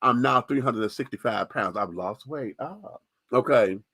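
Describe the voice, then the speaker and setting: A man's voice: mid-range voice, normal speed, pushed and bright, breathy edge, dry recording. A man hosting a radio show, giving a candid, profane, sassy opinion monologue with lots of emphasis.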